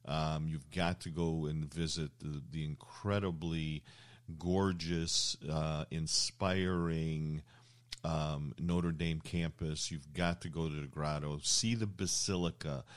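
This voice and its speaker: A very deep-voiced older man hosts a relaxed chat show. He wanders through stories, pausing on ums and uhs, circling back to his point. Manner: rambling, anecdotal storyteller with many fillers. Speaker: show host. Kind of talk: casual interview chat.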